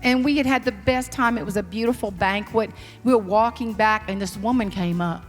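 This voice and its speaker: A woman with a Southern US accent, a motivational speaker telling folksy, animated stories in a humorous keynote. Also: mid-range voice, fairly quick, in a large hall, faint music behind. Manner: animated, folksy, slips into character voices. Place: large hall on stage.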